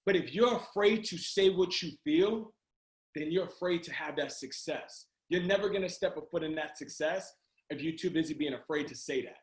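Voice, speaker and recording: A man giving an energetic motivational pep talk to a sales team over a video call, often shouting and urging listeners on. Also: a little high, normal speed. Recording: roomy video call audio.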